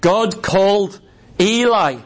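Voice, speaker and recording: A man with a notably high voice preaches a revival sermon. He is impassioned and emphatic and drives each point home by repeating it. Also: takes it slowly.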